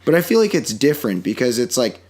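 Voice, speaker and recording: A man's voice: mid-range voice, sing-song, fast talker, a little mellow. A man co-hosting a podcast in casual chat, rambling through his points and joking with mock outrage. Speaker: podcast co-host.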